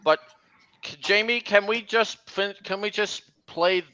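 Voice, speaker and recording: A man's voice: high voice, fairly even intonation, measured pace, sharp tone, clear, resonant tone, no echo, lo-fi sound. A man hosting a casual livestream chat while playing a game, talking over his friends. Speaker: streamer hosting a gameplay chat.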